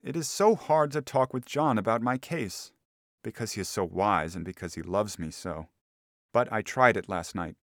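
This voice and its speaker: Low-voiced man narrating a classic story. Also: expressive, normal speed, fairly bright tone, no echo, studio quality. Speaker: audiobook narrator.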